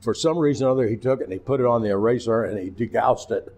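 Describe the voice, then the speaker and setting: An older man with a Midwestern American accent, a former TV weatherman, telling animated anecdotes as an interview guest. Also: mid-range voice, fast talker. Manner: animated anecdotes, acting out quotes. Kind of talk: casual storytelling.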